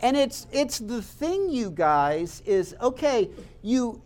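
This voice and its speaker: Speaking slowly in an extremely high, slightly mellow voice with big pitch swings, a man recounts campus talks through animated storytelling. He chats directly with listeners and performs the voices of those he quotes.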